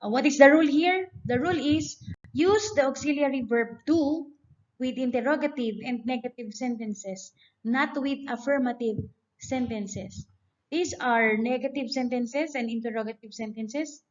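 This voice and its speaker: Speaking at a moderate pace in a high-pitched voice, a woman teaches a grammar lesson. She goes step by step and reads example sentences out loud. The recording has a dull, lo-fi quality.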